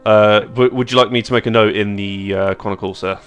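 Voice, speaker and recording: A man narrating as game master of a tabletop game, relaxed and descriptive. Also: fairly low pitch, fairly quick, smooth, soft background music.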